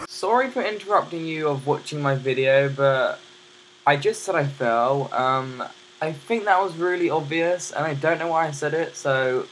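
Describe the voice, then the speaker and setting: A man's voice: a little high, normal speed, fairly bright tone, a little hiss or hum. A teenage boy from England, chatting to camera outdoors in a sarcastic, rambling, easily distracted way. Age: teens. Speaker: vlogger. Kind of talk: casual chat to camera.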